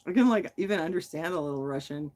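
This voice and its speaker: A middle-aged woman hosts a casual livestream, chatting with her viewers in a giggly, self-deprecating way. Her low-sitting voice moves quickly, rising and falling animatedly as she rambles and laughs at herself.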